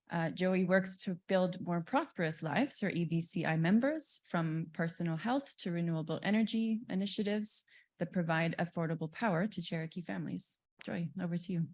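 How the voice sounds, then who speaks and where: A woman moderating a panel, introducing speakers in a brisk, friendly way. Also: on the low side.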